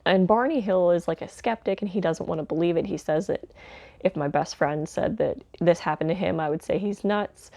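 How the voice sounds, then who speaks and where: A woman's voice: fairly low pitch, moderate pace, creaky, mellow, no room sound. A woman giving a casual spoken film review, chatty and candid, with lots of fillers like "um" and "like". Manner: candid, mildly sardonic asides. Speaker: home video reviewer.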